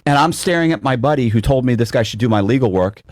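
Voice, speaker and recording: A man telling a story in a casual chat, animated and swearing, acting out the voices of others. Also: mid-range voice, fast, dry recording, clean studio sound. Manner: animated, acts out quotes, swears. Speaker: guest telling his story.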